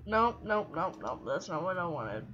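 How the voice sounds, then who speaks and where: A woman's voice: on the low side, very animated, moderate pace, a bit bright, muffled recording, soft background music. A young woman commenting on her own online match, flustered and exclaiming as things go wrong, a little out of breath. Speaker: gaming video host. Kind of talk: casual gameplay commentary.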